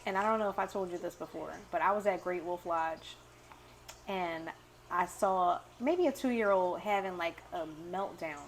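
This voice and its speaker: A podcast co-host with a fairly low voice talks at a moderate pace, with slight background noise behind her. In casual chat, she tells stories animatedly and acts out the quotes.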